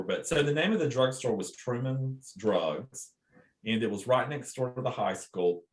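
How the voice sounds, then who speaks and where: A man co-hosting a casual book and film club chat, telling stories in a polite, composed way with soft laughs. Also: mid-range voice. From southern United States. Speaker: co-host. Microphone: video call. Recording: roomy echo.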